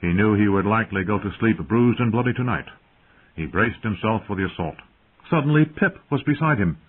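Low, husky male audiobook narrator. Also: animated, brisk. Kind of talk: scripted narration. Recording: tinny phone-like audio.

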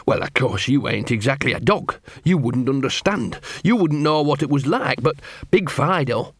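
A man's voice: mid-range voice, animated, moderate pace, a bit bright, husky, no room sound, studio quality. A man voicing a small scruffy male street dog who talks in an anxious, miserable, whiny way. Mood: fretful.

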